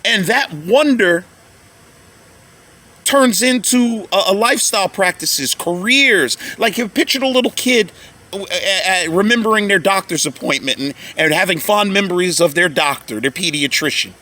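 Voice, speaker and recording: Emotional man, high and bright, lively pitch, rambling casual monologue with repeated words. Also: normal speed. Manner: swings between loud excited bursts and quiet low asides.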